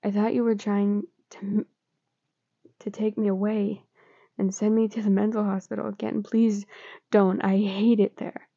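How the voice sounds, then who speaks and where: A scared, confused teenage boy, read by a woman speaks in halting pleas. The voice is gravelly and warm, close and dry. The sound is dull and lo-fi. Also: medium pitch, level tone, dry recording. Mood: pleading.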